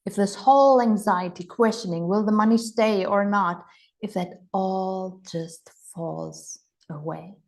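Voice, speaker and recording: In this live online coaching session, an enthusiastic healing-and-money mentor, a native German speaker, speaks with exclamations and playfulness, performing gushing voices. She talks a little slowly in a medium-pitched, slightly mellow voice.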